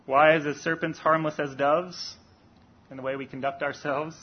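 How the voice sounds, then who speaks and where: A man preaching a sermon in an earnest, deliberate way, rising for emphasis on key points. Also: on the high side, level tone, breathy edge, dull audio.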